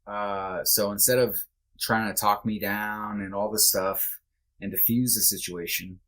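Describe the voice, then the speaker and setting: A man's voice: on the low side, steady tone, measured pace, a bit bright. A man guest on a podcast, candidly telling a personal story in a loose, conversational way, blunt and sometimes swearing. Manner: loose and conversational, with many fillers.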